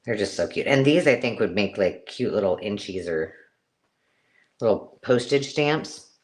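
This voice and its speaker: A woman hosting a live-stream craft sale, chatty and excitable, counting items aloud as she shows them. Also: rumbling low, measured pace. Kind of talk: casual live-stream selling chat.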